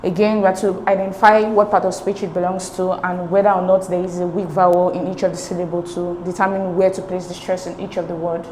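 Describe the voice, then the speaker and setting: A woman's voice: on the low side, level tone, quick pace, few pauses, a little mellow, reverberant, a little hiss or hum, poor audio. A woman tutoring an English exam lesson, explaining each answer step by step and checking in with "okay?" as she goes. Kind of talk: recorded exam-prep lesson.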